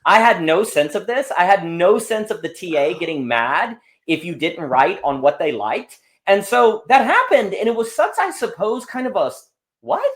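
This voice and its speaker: Appearing as a guest on a podcast, a man tells stories in a slightly high voice with wide pitch swings. Speaking at normal speed with hardly any pauses, he rambles in an animated way, often restarting sentences and veering into asides during the casual conversation.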